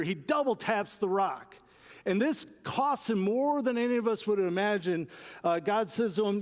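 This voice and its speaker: A man preaching a sermon, his voice sitting a little high for a man. He talks to the congregation in a relaxed, conversational way. The sound carries a long reverb, as if recorded in a church sanctuary. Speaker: pastor.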